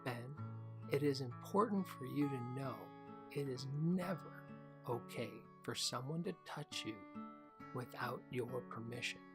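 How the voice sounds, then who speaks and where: A man doing a caring father who speaks with emphasis in a children's storybook, at a middle pitch and a slow, careful pace. The voice stays close to the reader's own. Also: animated, vocal fry, music in the background. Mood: emphatic.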